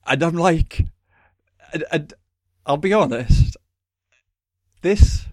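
A man's voice: fairly high pitch, slow pace, long pauses, no room sound, studio quality. Chatty man, rambling. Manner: rambling, animated, many fillers and laughs. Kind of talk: casual chat.

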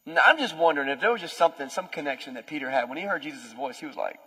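A young adult man, a pastor, preaching a conversational sermon with lively storytelling. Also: a little high, very fast, hardly any pauses, breathy edge. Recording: long hall reverb.

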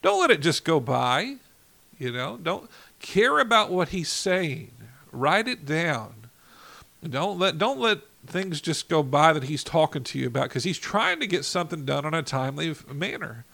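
A man's voice: on the high side, sing-song, moderate pace, gravelly, sharp tone. A man ministering in an informal devotional talk, enthusiastic and fired up, often saying "you know.".

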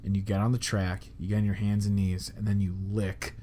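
A young man from the Chicago area, United States, hosts a podcast and tells a story in a loose, rambling style packed with fillers. His voice is fairly low and dark, with a level tone and a slightly fast pace, and there's a little hiss or hum in the recording.

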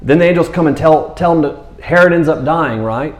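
A man preaching a sermon in a relaxed, conversational way, acting out quotes playfully. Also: fairly high pitch, a little fast, echoey room. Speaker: pastor.

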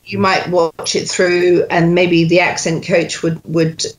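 A woman coaching accents, talking in a chatty, animated way with quoted asides. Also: fairly low pitch, takes it slowly. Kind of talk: casual chat. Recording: roomy echo.

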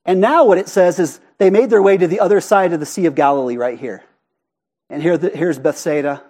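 A man preaching a sermon in a church, animated and conversational, often asking the congregation questions. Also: sits high, brisk. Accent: Arizona. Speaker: pastor. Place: church sanctuary.

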